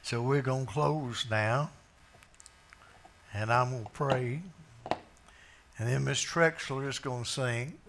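A preacher telling a first-person Bible story as a monologue, slow, with hushed low passages. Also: male voice, background noise.

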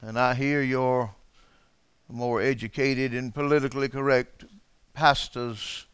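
A pastor preaching a dramatic sermon to his church, dropping to a hush and then rising to shouts, calling out to people in the pews. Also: mid-range voice, flat delivery, a little slow, clean tone, no echo. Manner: calls out to congregation members.

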